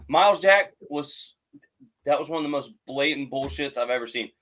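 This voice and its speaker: A man's voice: mid-range voice, animated, moderate pace, a bit bright, rough recording. A man co-hosting a sports podcast, blunt and profane, ranting emphatically in casual chat. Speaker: podcast co-host.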